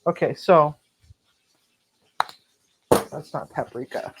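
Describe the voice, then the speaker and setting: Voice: medium pitch, slow. A home cook hosting a cooking vlog, telling a story bluntly and animatedly and swearing freely, in a home kitchen. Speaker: home cook and channel host. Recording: noisy home recording.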